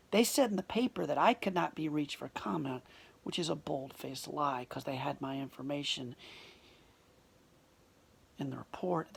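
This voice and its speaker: A woman telling a personal story in an emotional, confessional way, often dropping to a hushed near-whisper. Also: low-pitched, creaky, slightly rough.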